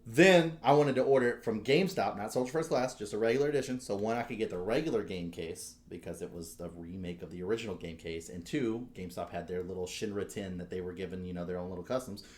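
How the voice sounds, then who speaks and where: A man co-hosting a podcast, telling a story as a fast, animated rant full of swearing. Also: lowish voice. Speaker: podcast co-host. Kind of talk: casual chat.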